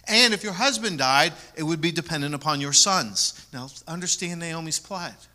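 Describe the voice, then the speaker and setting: Guy pastor preaching, really bright ringing tone, kinda high voice, repeats words to drive it home. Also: animated, moderate pace. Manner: preaching with emphatic repetition, swinging between loud and soft. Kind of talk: sermon.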